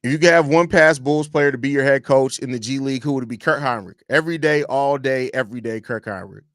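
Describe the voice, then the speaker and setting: A man's voice: medium pitch, fast talker, a bit bright, no room sound, clean studio sound. A man hosting a casual live-stream sports podcast from home, talking loosely on a desk microphone, repeating phrases and reading chat questions aloud. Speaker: podcast host.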